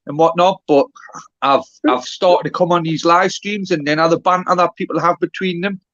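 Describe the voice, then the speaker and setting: A man's voice: fairly high pitch, normal speed, fairly bright tone, no room sound. A Geordie man on a live stream, rambling and blunt, swearing often and mocking himself in casual banter. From North East England. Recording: dry, dull lo-fi stream audio.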